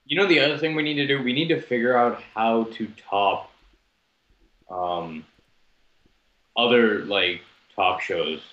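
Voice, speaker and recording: A man's voice: mid-range voice, a little slow, pauses often, fairly bright tone, echoey room, muffled recording. A young man co-hosting a casual talk show over video chat, with crude, laughing banter. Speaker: co-host.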